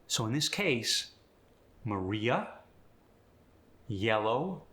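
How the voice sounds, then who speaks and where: Unhurried male accent coach. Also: fairly low pitch, big pitch swings, sharp tone. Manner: explains sounds step by step, then reads an example sentence. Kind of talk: accent tutorial.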